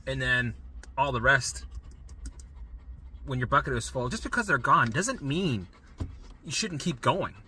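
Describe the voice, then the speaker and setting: A man's voice: mid-range voice, expressive, measured pace, long pauses, bright, forceful tone, slight background noise. A middle-aged man coaching listeners on recovery in an emphatic monologue, often tagging sentences with "right?" and swearing casually. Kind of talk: motivational monologue.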